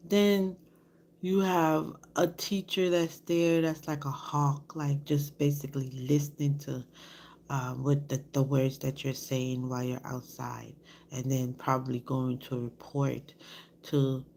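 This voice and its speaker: A woman's voice: low voice, gravelly. A woman vlogger telling a story in a candid, rambling way, often dropping to a whisper. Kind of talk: casual storytelling to camera.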